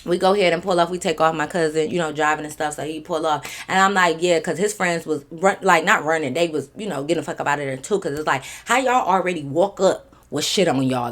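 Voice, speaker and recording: A woman's voice: deep voice, fast, few pauses. A young woman, telling a storytime vlog casually and animatedly, with lots of swearing and fillers. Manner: animated, profane, conversational with many fillers. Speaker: storytime vlogger.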